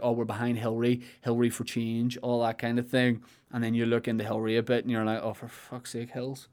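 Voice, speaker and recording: A young man with a Northern Irish accent talks casually on a podcast. He tells rambling, jokey stories and drops in deadpan asides. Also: mid-range voice. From Northern Ireland. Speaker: podcast co-host.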